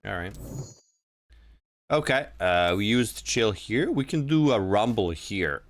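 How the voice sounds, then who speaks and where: Slow, gravelly streamer. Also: male voice, lowish voice, expressive. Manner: laid-back, joking, reads on-screen text aloud. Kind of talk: casual live gameplay commentary. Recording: game music behind.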